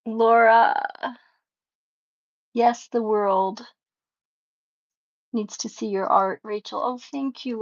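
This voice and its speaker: Slow, gravelly woman chatting while painting. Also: fairly high pitch, lo-fi sound. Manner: warm, emotional, laughs often, reads chat aloud. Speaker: livestream painting host. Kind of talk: casual live painting chat with viewers.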